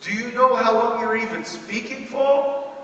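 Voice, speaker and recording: A man's voice: extremely high pitch, measured pace, fairly bright tone, lo-fi sound, slight background noise, pitched above the performer's own voice. A man voicing his blunt, lazy older brother, who is only in it for the money. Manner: blunt, offhand. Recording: echoey hall, distant mic.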